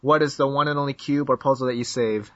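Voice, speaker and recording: A man's voice: mid-range voice, steady tone, fast talker, a bit bright, no room sound. A man hosting a casual podcast chat, teasing his guest and laughing often. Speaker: podcast host. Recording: dull lo-fi dry sound.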